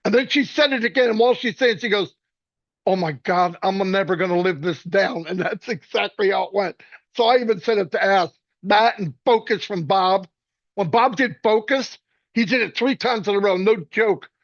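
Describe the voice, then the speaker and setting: A man with a high voice tells loose, joking stories about his friends, stumbling and restarting as he goes. The sound is dry and a little dull, like a low-grade recording. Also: dry recording. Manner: rambling, joking, quick restarts. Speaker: speaker at a celebration. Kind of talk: casual storytelling tribute.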